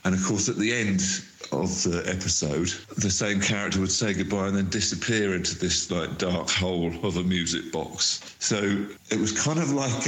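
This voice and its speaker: A man's voice: fairly low pitch, normal speed, fairly bright tone. Hesitant man in a roomy space. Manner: hesitant, full of ums and likes. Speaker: guest, artist. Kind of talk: reflective voice-message chat.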